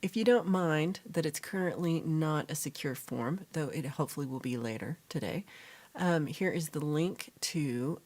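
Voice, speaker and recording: At a moderate pace, this livestream host talks in a low, slightly mellow voice while reading viewers' comments aloud and answering them. Her casual chat rambles, full of fillers and self-corrections.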